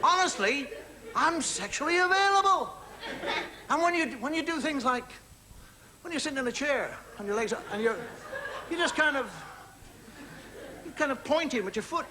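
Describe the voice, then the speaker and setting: High, lively-voiced man doing stand-up. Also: moderate pace, pauses often, a crowd in the background. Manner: conversational, confiding asides to the audience; acts out little scenes with mimed sounds. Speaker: stand-up comedian. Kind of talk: stand-up monologue to a studio audience. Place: television studio with live audience. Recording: noisy old television recording with audience laughter.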